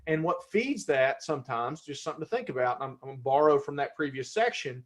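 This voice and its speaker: A man's voice: medium pitch, quick pace. A man presenting a live-streamed workshop in a conversational way, restarting words and now and then getting fired up. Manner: conversational, self-correcting, gets fired up.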